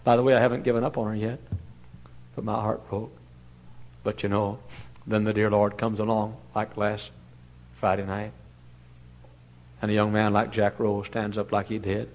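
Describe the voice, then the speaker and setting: An older man preaching a sermon, swinging from loud impassioned cries to hushed, tender storytelling. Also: fairly low pitch, level tone, moderate pace, long pauses. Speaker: pastor. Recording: dull lo-fi sermon recording.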